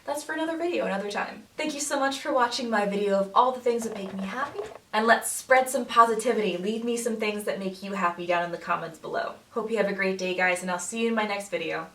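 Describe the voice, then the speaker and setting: A woman's voice: mid-range voice, quick pace, hardly any pauses, fairly bright tone, distant mic. A young woman vlogger chatting casually to the camera, laughing often. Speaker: makeup artist vlogger. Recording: echoey room, mic set back, faint hiss.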